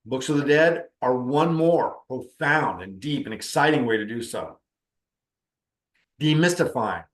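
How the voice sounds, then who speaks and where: A man's voice: mid-range voice, lively intonation, a little slow, reverberant. A middle-aged man, a spiritual teacher and counselor, telling a story in a conversational way and acting out the dialogue. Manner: conversational, acts out quoted dialogue. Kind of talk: storytelling talk on spiritual practice.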